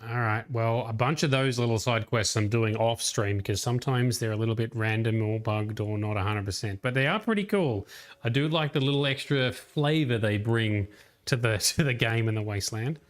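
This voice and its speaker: A man's voice: mid-range voice, normal speed. A man casually thinking aloud as he plays through a game on a livestream. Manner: chatty, thinking aloud while playing. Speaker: streamer. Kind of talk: casual gameplay commentary.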